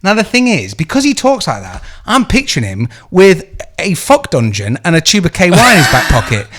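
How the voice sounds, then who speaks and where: A man's voice: sits high, brisk. A man co-hosting a podcast, chatting casually with crude jokes and laughter. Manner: crude, joking, animated. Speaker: podcast co-host. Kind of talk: casual chat.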